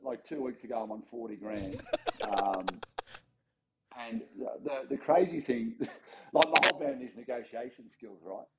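A man's voice: medium pitch, measured pace, heavy background noise. A man in his forties with an Australian accent, telling a story as a guest in a casual podcast interview, acting out other people's lines and chuckling as he goes. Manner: animated anecdote-telling with quoted voices and chuckles. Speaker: former rugby league player, podcast guest.

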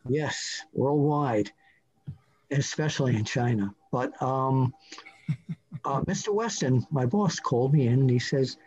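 A man's voice: medium pitch, a little slow, darkish tone, slightly rough. Older New man, interview guest, rambling anecdotal storyteller, muffled lo-fi sound. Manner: rambling, anecdotal, with many fillers and restarts. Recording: muffled lo-fi audio.

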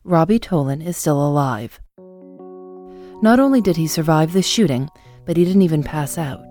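A woman with a low, mellow voice narrates a documentary in a calm, measured, scripted way. Faint music sits quietly under her words. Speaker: podcast host and narrator.

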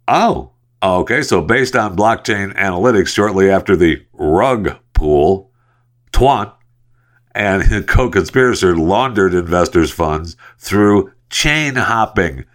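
A man hosting a solo podcast, reading news stories and adding rambling, sarcastic asides with lots of fillers. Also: sits low. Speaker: podcast host. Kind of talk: casual solo news commentary.

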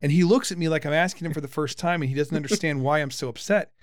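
A man in his forties hosting a casual podcast chat with his son, lively and teasing, often restarting his sentences. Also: a little high, fast, no echo, clean studio sound. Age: 40s. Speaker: podcast host, father.

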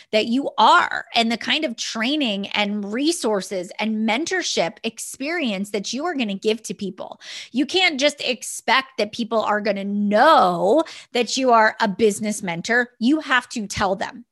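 A woman's voice: a little high, lively intonation, a little slow, fairly bright tone. Earnest woman telling a motivational story. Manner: earnest storytelling, many restarts. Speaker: business mentor. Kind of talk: motivational podcast talk.

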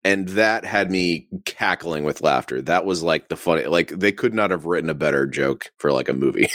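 Male sports podcast co-host, deep voice, relaxed and self-mocking, dead-dry mic. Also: moderate pace, no room sound. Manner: easygoing, self-deprecating, laughs at his own slips. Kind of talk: casual sports podcast chat.

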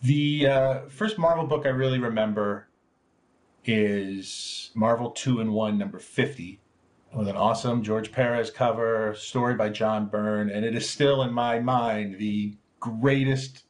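Deep-ish guy on a podcast, jokey then thoughtful, talking about old comics. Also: steady tone, measured pace. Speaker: guest, former comics editor. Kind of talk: phone-in interview chat.

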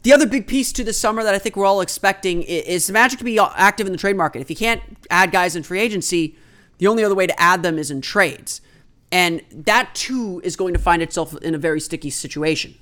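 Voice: mid-range voice, quick pace, bright, forceful tone. A basketball analyst giving solo sports commentary, explaining trade rules in an explanatory, think-aloud way and stating opinions firmly.

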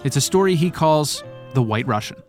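Wry male host narrator, smooth delivery, music underneath. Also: a little high, expressive, normal speed. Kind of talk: scripted narration.

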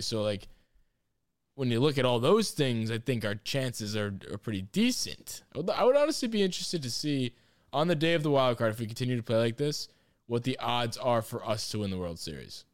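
A man co-hosting a casual sports podcast, excitable and swearing freely as he rambles. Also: medium pitch, brisk, no echo, clean studio sound. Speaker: podcast co-host.

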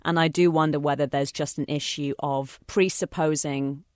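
A woman co-hosting a casual podcast chat, teasing and quick-witted. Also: deep voice, dry recording, studio quality. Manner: lively, teasing. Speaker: podcast co-host.

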